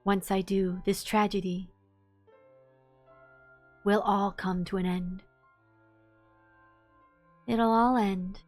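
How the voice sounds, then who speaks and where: Woman reading out a hungry forest snake god, menacing, ordinary middle pitch. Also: steady tone, slow, long pauses, faint music behind, lightly acted. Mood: threatening. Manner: reading game dialogue aloud in her own voice.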